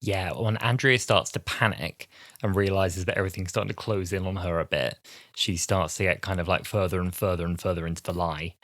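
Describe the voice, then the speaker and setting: A man's voice: brisk, dry recording, clean studio sound. A man in his twenties co-hosting a podcast, chatting casually and acting out lines in put-on voices. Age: 20s. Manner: animated, acts out lines from the episode in high put-on voices. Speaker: podcast co-host. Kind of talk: casual chat.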